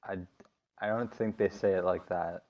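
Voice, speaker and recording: A man's voice: deep voice, fairly even intonation, moderate pace, distant mic, dull audio, a little hiss or hum. A man co-hosting a casual chat stream, dry and teasing with his partner. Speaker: co-host.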